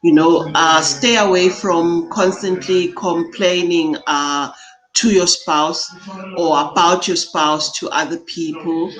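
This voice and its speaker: A woman's voice: lowish voice, steady tone, slow pace, a bit bright, low-quality recording. A woman life coach speaking as a guest in an interview, earnest and chatty, often saying "you know". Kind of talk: interview chat.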